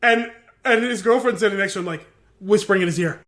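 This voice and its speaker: A man co-hosting a podcast, telling a rambling, animated story with laughter over a remote call. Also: high voice, fast talker. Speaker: podcast co-host. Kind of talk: casual chat. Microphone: video call.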